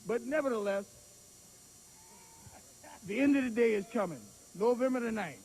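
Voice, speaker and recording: A man who manages and trains a boxer, hurling loud taunts with a preacher-like rhetorical cadence and at a press conference. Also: very high-pitched, animated, normal speed, low-quality recording. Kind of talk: fiery press conference trash talk. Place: crowded press conference hall.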